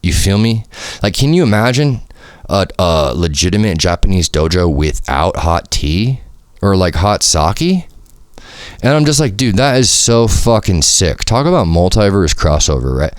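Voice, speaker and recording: A man's voice: deep voice, very animated, unhurried, smooth, no echo, clean studio sound. A man hosting a podcast on his own, rambling in casual slang with lots of swearing and filler words. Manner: rambling, slangy and profane, lots of "like" and "you feel me". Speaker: podcast host. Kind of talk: casual solo podcast monologue. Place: home studio.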